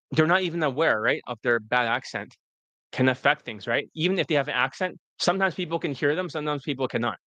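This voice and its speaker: Man, casual coaching stream, mid-pitched voice, retakes flubbed lines, swears, says "right?" a lot, dry sound. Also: a bit bright, dry recording. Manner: reads answers aloud, stops and retakes lines; cusses freely, asks "right?" as he talks. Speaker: dating coach.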